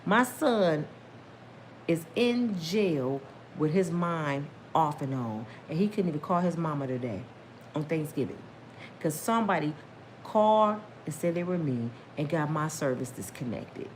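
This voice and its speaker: A middle-aged woman with a somewhat low voice tells her own story to viewers in a casual, emphatic way. She talks straight at the audience and breaks into religious exclamations. When she gets worked up, her voice climbs high. Faint background noise sits behind her. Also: lively intonation, unhurried, a little mellow. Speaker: storyteller vlogger.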